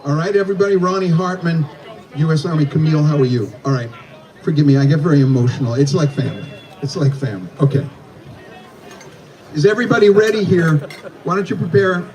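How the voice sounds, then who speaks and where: A man emceeing a live eating contest, with theatrical, hyped commentary and countdowns that he shouts out. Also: fairly high pitch, fast talker, pauses often. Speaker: contest announcer. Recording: distant outdoor PA with crowd and music.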